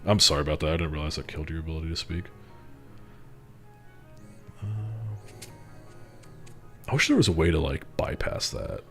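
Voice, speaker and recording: A man's voice: very deep voice, normal speed, pauses often, fairly bright tone, soft background music. A man streaming live and chatting casually with viewers, telling a rambling, profane story with mocking laughs. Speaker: streamer moderating a Discord community. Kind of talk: casual livestream chat.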